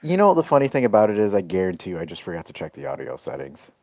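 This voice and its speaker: A man with a lowish voice tells a story in a casual podcast chat, animated and swearing freely. His delivery swings between loud outbursts and quiet asides. The sound is dry and close. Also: racing, no echo. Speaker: podcast co-host, restaurant owner.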